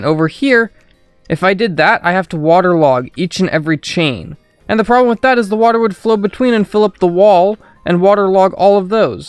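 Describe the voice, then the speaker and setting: A man's voice: high-pitched, smooth, no echo. A young man giving casual, rambling commentary on his gameplay, joking and chatting with his viewers. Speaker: gaming streamer.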